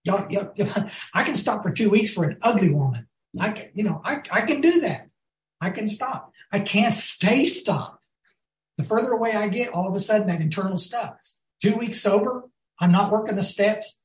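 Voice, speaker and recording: Telling homespun stories at a recovery meeting, a man with a high voice and lively intonation keeps a moderate pace. He calls the audience "y'all" and repeatedly asks if they follow, and the sound echoes around the room.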